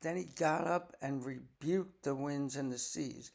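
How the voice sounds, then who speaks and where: On the high side yet gravelly and darkish, a grandfather's voice moves a little slowly as he reads from the Bible. Between verses this older man drifts into homespun, conversational asides to explain what he's read.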